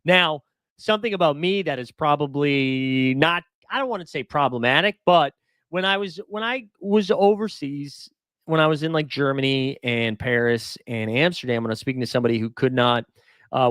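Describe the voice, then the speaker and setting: Chuckling and rambling, a man hosts a casual fantasy baseball stream and makes fun of himself. His mid-range voice is a bit bright, and the clean studio sound carries no echo.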